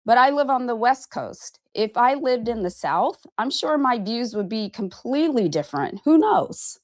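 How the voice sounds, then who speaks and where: A woman's voice: a little high, lively intonation, normal speed, no echo, studio quality. A woman in her fifties from Arizona who talks frankly and emphatically to camera about her own life, with casual swearing and a repeated "okay?". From Arizona, USA. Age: 50s. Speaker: vlogger and podcast host. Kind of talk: candid personal monologue to camera.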